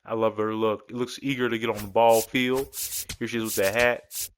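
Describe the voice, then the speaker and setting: A man's voice: on the low side, level tone, normal speed, a little hiss or hum. A man giving casual, rambling commentary as a gaming creator, talking through his game creations in a laid-back, joking way. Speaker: gaming YouTuber.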